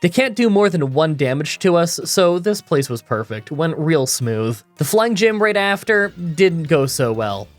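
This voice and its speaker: A man's voice: on the high side, very animated, a little slow, few pauses, soft background music. A man reading scripted voice-over commentary for a game challenge video, with a groggy morning voice, a stuffy nasal sound and dry self-mocking humor, recorded in a booth. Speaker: gaming YouTuber.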